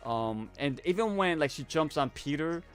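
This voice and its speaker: A man's voice: a little high, animated, moderate pace, faint music behind. A man co-hosting a live horror movie review, talking casually and rambling with many restarts. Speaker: co-host of a horror review show.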